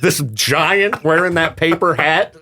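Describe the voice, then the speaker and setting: A man's voice: fairly high pitch, slow, sharp tone. A male radio host chatting casually with a co-host. He laughs often and sounds easygoing and sympathetic. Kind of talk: casual chat.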